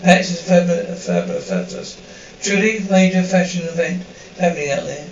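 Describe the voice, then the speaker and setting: A woman's voice: on the low side, sing-song, fairly quick, a little hiss or hum. An actress playing a frantic, gushing middle-aged fashion PR woman who peppers everything with darling and sweetie, in a sitcom. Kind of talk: sitcom acting. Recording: roomy distant dull TV audio.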